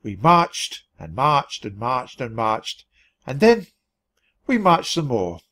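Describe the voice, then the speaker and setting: Expressive male storybook reader. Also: mid-range voice, takes it slowly. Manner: expressive, clear reading at natural speed. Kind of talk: storybook narration for language learners.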